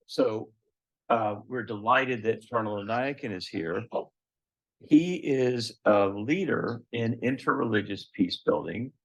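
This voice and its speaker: A man hosting a lecture event, giving a measured formal introduction of a guest speaker with light humorous asides. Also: fairly low pitch, low-quality recording.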